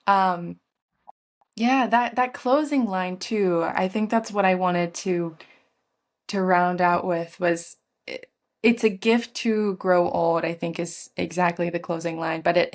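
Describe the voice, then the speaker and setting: A woman hosting an interview, talking in gushing, rambling sentences with many restarts. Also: fairly low pitch. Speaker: interview host. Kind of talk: conversational interview.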